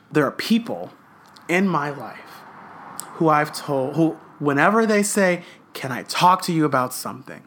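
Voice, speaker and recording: A man co-hosting a podcast in casual chat, ranting with passion and swearing a lot, a little rough around the edges. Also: a little high, lively intonation, moderate pace, fairly bright tone, slight background noise. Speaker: podcast co-host.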